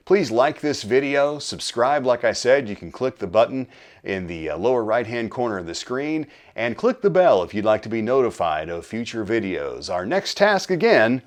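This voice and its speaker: A middle-aged man with a fairly low voice hosts a relaxed workshop vlog. His pitch rises and falls freely as he talks in a folksy, unhurried way, with friendly asides and the odd filler. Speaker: channel host restoring guitars. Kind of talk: casual workshop how-to vlog.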